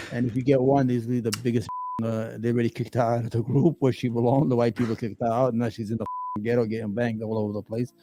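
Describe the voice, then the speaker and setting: A man's voice: medium pitch, little pitch movement, brisk. A man co-hosting a podcast, telling rambling crude stories in casual chat. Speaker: podcast co-host.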